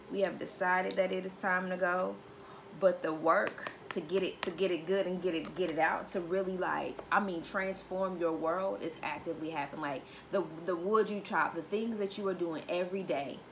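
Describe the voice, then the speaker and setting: Gravelly-voiced sassy woman tarot reader. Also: on the low side, slight background noise. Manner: emphatic and sassy, calls listeners honey and baby; repeats key phrases for emphasis. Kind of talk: casual spiritual reading.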